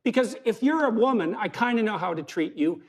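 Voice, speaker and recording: A man answering in an interview clip, measured and lecturing as he lays out his reasoning. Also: high-pitched, lively intonation. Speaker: pundit in a played clip.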